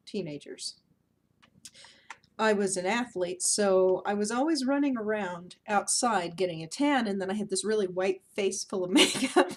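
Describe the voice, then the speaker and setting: A woman in her thirties talking casually to camera at home, chatty and self-mocking, often laughing. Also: mid-range voice. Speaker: beauty vlogger. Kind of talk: casual vlog chat.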